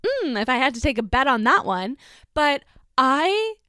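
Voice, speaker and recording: A woman's voice: high-pitched, unhurried, clear, resonant tone, no room sound, studio quality. A woman casually telling a personal story, filling every sentence with "like" and swearing freely. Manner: chatty, heavy filler "like", swears, animated retelling.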